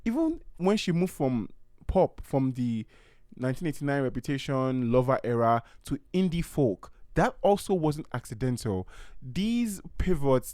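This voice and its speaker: A man hosting a solo podcast, talking through pop culture in an animated way and acting out quotes in playful voices. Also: mid-range voice, dry recording, clean studio sound. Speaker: podcast host.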